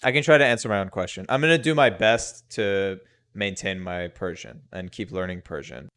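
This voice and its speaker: A man's voice: deep voice, moderate pace, fairly bright tone, no room sound. A young man hosting a podcast, chatting casually and animatedly with guests. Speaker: podcast host. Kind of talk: casual group chat.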